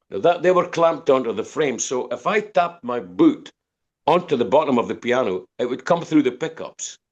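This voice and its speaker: Older Scottish man telling stories. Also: mid-range voice. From Scotland, Dundee. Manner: rambling storyteller, repeats words and restarts. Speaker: guest musician. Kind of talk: podcast interview.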